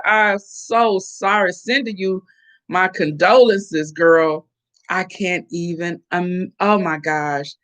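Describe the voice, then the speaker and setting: A middle-aged woman hosting a casual live chat, animated and chatty as she reacts to viewer comments. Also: on the low side. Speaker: host.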